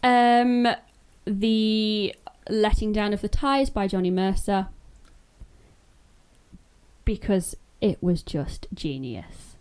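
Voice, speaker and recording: A woman co-hosting a casual podcast chat, relaxed, with brief replies. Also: mid-range voice, slow pace, pauses often, clean tone. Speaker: podcast co-host.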